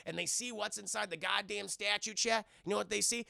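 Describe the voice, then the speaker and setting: A man streaming live, recapping a movie scene by scene, animated and profane, acting out the scenes. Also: sits high, a little fast, vocal fry, few pauses, dry recording, studio quality.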